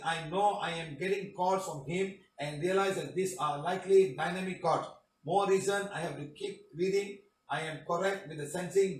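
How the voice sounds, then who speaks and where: A man's voice: high-pitched, echoey room, recorded from a distance, slight background noise, poor audio. A man with a Malaysian English accent, a spiritual healing teacher, reading out testimonials and commenting on them emphatically, with frequent tag questions.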